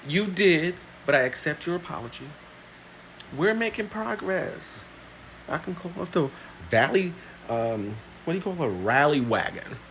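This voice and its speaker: A man telling a story to camera in a casual, emphatic way, his voice leaping from low asides to loud high outbursts. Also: animated, moderate pace, a little hiss or hum. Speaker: vlogger.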